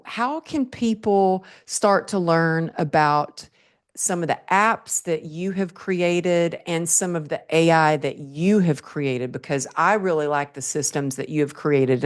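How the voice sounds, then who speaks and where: A middle-aged woman, hosting a podcast interview in a chatty, enthusiastic way. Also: deep voice. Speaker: podcast host. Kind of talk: casual interview chat.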